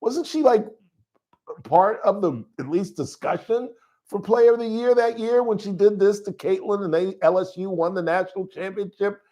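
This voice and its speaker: Man, sports radio host, loud, rambling storyteller, studio mic. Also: high-pitched, moderate pace. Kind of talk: call-in sports talk.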